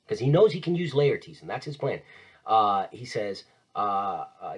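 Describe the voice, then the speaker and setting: A man's voice: lowish voice, animated, moderate pace, slightly rough, low-quality recording. A man teaching a casual literature lesson, enthusiastic and conversational, retelling scenes in modern slang.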